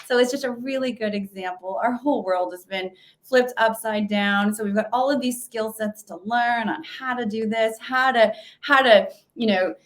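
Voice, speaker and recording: Woman, slightly high voice, webinar presenter, casual speaking, fillers and self-corrections, computer mic. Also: moderate pace. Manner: conversational, many fillers and restarts. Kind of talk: virtual presentation talk.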